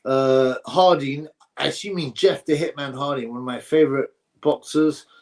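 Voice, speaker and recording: A man at a medium pitch hosting a casual boxing livestream. He rambles from one viewer comment to the next, reading them aloud and giving blunt opinions. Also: fairly even intonation, normal speed. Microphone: streaming setup mic.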